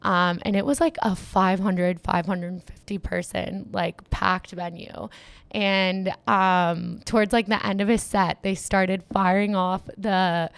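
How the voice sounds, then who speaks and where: Chatty young woman, smooth dry voice. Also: mid-range voice, takes it slowly, dry recording. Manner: chatty, lots of "like" fillers, excitable. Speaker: event organizer and DJ manager. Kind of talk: casual interview chat. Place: Miami.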